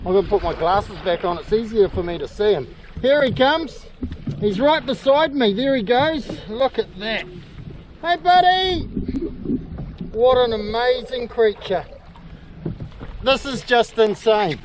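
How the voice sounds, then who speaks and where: A middle-aged man with a New Zealand accent, narrating an excited outdoor vlog from a kayak at sea and often calling out loudly. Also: high-pitched, unhurried, poor audio. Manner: excitable, exclaiming, calls out loudly. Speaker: kayak fishing host. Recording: wind and water noise.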